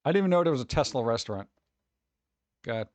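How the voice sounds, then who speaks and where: A man's voice: mid-range voice, animated, quick pace, no room sound. A man streaming casual commentary on food videos, exasperated and sarcastic, rambling and restarting.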